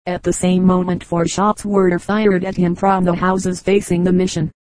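A woman narrating an adventure novel in a steady, even reading that also voices the dialogue. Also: fairly low pitch, moderate pace, no echo, poor audio. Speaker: audiobook reader. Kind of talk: scripted narration.

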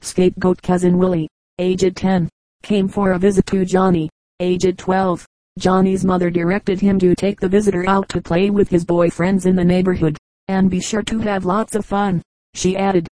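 A woman reading a collection of short humorous stories aloud as an audiobook narrator, in a steady storytelling manner. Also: on the low side, moderate pace, no room sound, low-quality recording. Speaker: audiobook reader. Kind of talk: scripted narration.

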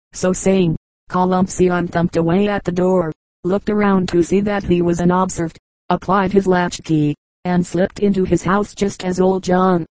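A woman reading an audiobook as scripted narration, in an even, unhurried manner. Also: lowish voice, no echo, poor audio. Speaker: audiobook reader.

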